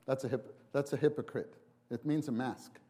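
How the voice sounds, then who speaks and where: A man delivering a sermon in an ordinary mid-range voice. He restarts and repeats words as he thinks aloud. Now and then he throws his voice high and loud to act out a quote. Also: moderate pace. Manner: animated, acts out quotes with big voice jumps. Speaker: preacher.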